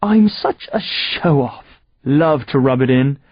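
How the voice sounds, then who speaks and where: A man voicing a smug, mocking male alien overlord with an English accent, gloating in slow, drawn-out taunts. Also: medium pitch, expressive, breathy edge, no room sound, highs cut off.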